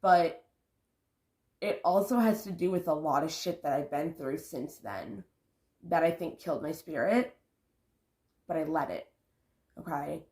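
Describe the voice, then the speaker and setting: A woman's voice: sits low, animated, a little slow, pauses often, darkish tone, roomy sound. A woman talking casually to her vlog camera about spiritual growth, rambling and correcting herself as she goes. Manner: rambling, self-correcting, sighs and laughs. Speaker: vlogger.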